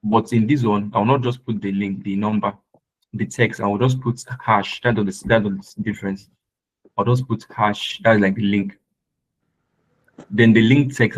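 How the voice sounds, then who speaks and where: Teaching a live web design class over screen share, a man with a lowish voice patiently repeats points and often checks that students are keeping up. The audio quality is poor.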